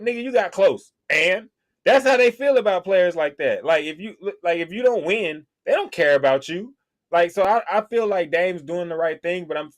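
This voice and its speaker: A man hosting a sports podcast, ranting casually in a heated, profane way. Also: sits high. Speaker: podcast host. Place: podcast studio.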